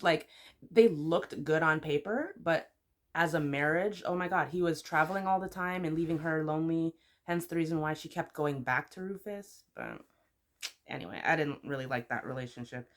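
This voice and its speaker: Female vlogger, lowish voice, casual and opinionated, expressive bursts. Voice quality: expressive with sudden high exclamations. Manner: chatty and opinionated, lots of "like" fillers. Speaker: YouTuber. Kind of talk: casual chat, rating TV couples.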